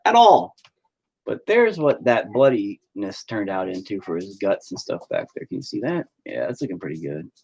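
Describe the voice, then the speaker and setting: Man, middle-aged, husky, animated pitch, joking dad banter, casual live-stream talk. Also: normal speed.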